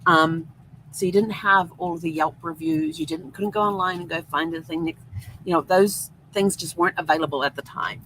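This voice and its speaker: A woman's voice: fairly low pitch, normal speed, fairly bright tone, a little hiss or hum, poor audio. A middle-aged woman hosting a show, chatty and rambling as she tells a personal story and quotes herself and her husband. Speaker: host.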